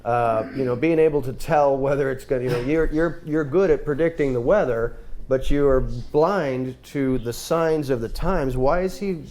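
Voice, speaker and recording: A man's voice: mid-range voice, moderate pace, a little mellow, slight background noise. A man leading a group Bible study discussion, talking in a thoughtful, conversational way with fillers and restarts.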